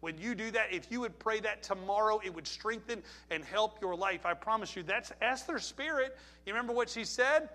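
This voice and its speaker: A man's voice: high voice, normal speed, few pauses, pushed and bright. A man preaching a sermon, emphatic, asking the congregation rhetorical questions. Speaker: pastor.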